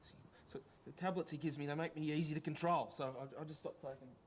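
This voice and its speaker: A man's voice: fairly high pitch, fairly even intonation, fast, slight background noise, lightly acted. A man playing a frightened, paranoid man off his medication, agitated and stammering, repeating himself. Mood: fearful.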